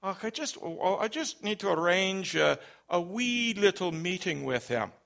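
A man voicing a bumbling Scottish man on the phone, talking in a soft, hesitant, stammering way with a put-on Scottish accent. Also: sits high, very animated, a little slow, creaky, pitched above the performer's own voice, heavily acted. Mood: hesitant pleading.

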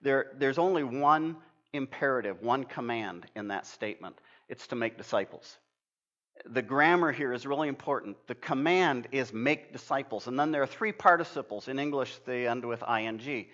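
A man's voice: medium pitch, animated, moderate pace, fairly bright tone. An older man preaching a sermon, earnest and emphatic, telling stories with frequent restarts. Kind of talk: sermon with storytelling. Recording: dull lo-fi sound.

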